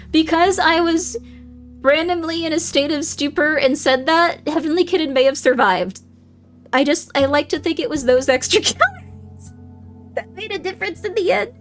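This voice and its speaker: Woman streamer, bright high voice, chatty rambler over quiet music. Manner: rambling storytelling with many "like" fillers. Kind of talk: casual livestream chat.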